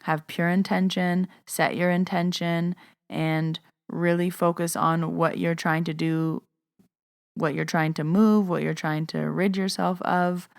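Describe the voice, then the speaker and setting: A woman's voice: fairly low pitch, flat delivery, a little slow, creaky, no echo, clean studio sound. A woman podcast host and Reiki master, casually answering listener questions in a chatty monologue. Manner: casual, chatty, uses "like" often.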